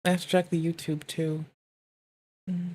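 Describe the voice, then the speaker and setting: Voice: medium pitch, little pitch movement, normal speed, a little mellow, slightly rough. A co-host chatting casually on a stream, blunt and interjecting, swearing freely. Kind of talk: casual chat.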